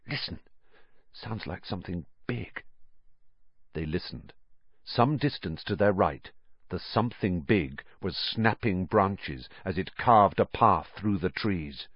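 A male narrator with a low, lively voice that rises and falls with the story. He reads at an unhurried pace. The recording is dry and somewhat muffled, with no room sound. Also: no room sound. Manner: expressive storytelling. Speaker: audiobook narrator. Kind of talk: scripted narration.

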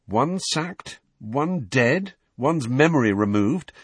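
A man reading as an earnest teenage schoolboy, lifted above his own voice and speaking in quick, plain bursts. His tone is husky, and the sound is dry. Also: medium pitch, animated, dry recording, voice pushed up.

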